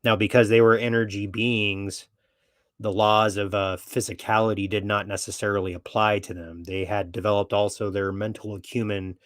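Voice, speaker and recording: Male podcast host, lower register, brash and profane, dry close sound. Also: level tone, normal speed, no echo. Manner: blunt, swaggering, heavy swearing. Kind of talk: profane opinionated monologue.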